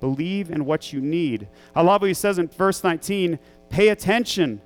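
Pastor, man, a parent, high clear tenor; earnest emphatic sermon, leans on repetition. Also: moderate pace, soft background music. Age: young adult to middle-aged, a parent. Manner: earnest, emphatic, repeats key phrases.

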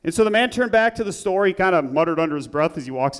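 A man's voice: fast talker, hardly any pauses, smooth. A man preaching a sermon in church, praying and then telling a story with rising emphasis. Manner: earnest, builds up emphatically in the story, drops low and soft in prayer. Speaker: pastor. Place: church sanctuary.

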